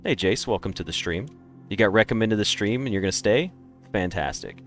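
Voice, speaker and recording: A man's voice: on the low side, animated, brisk, soft background music. A man streaming a game, chatting casually and rambling through opinionated takes. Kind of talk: casual live-stream chat.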